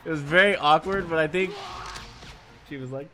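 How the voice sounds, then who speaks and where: A man's voice: fairly high pitch, normal speed, bright, forceful tone, faint music behind. A man in his late thirties, a streamer telling crude, rambling stories from his childhood to his chat and laughing along as he goes. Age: 30s. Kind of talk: casual storytelling chat.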